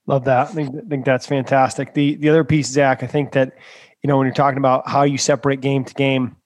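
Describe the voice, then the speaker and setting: A man's voice: mid-range voice, little pitch movement, brisk, dry recording. A man hosting a coaching call who affirms the guest and then asks him a long question. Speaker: host. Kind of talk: interview question.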